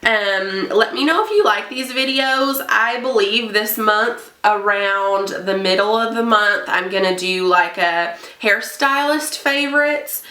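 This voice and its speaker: A woman's voice: medium pitch, unhurried, hardly any pauses, sharp tone. A young woman, a hairstylist, chatting casually and bluntly through a makeup review, getting heated about products she dislikes. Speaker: beauty vlogger and hairstylist. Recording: echoey room, a bit far from mic.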